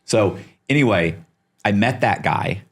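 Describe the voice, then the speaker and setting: A man's voice: lowish voice, lively intonation, measured pace, creaky, husky. A middle-aged man telling a story as a podcast guest, acting out the people he quotes and swearing casually.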